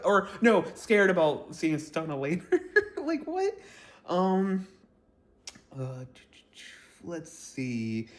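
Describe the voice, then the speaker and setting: A man chatting to camera about a reality show, blunt and gossipy, rambling with lots of ums and quick laughs. His voice sits a bit high for a man. The sound bounces around an echoey room. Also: big pitch swings. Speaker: reality TV reviewer. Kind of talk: casual vlog commentary. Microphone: camera mic, talking to camera.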